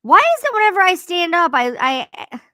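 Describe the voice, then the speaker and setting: A woman's voice: very high voice, big pitch swings, normal speed, pushed and bright, no echo. A woman hosting a casual livestream, rambling and swearing freely as she chats to viewers. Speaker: livestream host.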